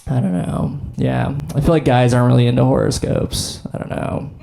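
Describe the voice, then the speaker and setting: A man's voice: medium pitch, normal speed, gravelly, warm tone. A young man doing a stand-up comedy set on stage, rambling in a laid-back way with lots of "like" and "I don't know". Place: comedy stage before a live audience.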